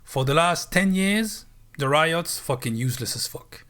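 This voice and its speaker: A man rants on a livestream, swearing freely and hammering the same point again and again. His voice sits a touch high for a man. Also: animated, measured pace, fairly bright tone. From France. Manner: blunt, swearing, emphatic repetition. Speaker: streamer. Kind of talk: profane livestream rant.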